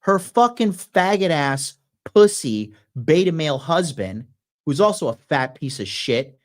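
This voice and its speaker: A man's voice: on the high side, very animated, unhurried. A man hosting a show, ranting aggressively with constant profanity. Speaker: podcast host. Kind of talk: ranting commentary.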